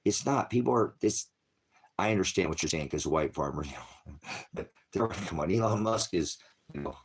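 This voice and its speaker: A man's voice: sits low, lively intonation, normal speed, breathy edge. An American man hosting a casual livestream chat. He talks in a loose, rambling way, with many fillers and restarts. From United States. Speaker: channel host.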